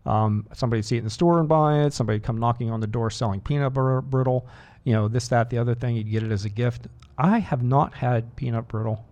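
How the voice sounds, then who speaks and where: Guy dj on rock radio, rambly and chatty, pokes fun at himself, mid-pitched voice, studio mic. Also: a little mellow, dull audio. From Boston area. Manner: rambling, self-deprecating, chatty asides. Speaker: radio DJ host. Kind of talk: casual on-air chat.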